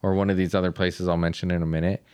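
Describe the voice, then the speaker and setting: A man's voice: low voice, little pitch movement, very fast, a little mellow, smooth, dry recording. A man co-hosting a podcast in casual chat, thinking aloud and rambling with lots of fillers. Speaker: podcast co-host.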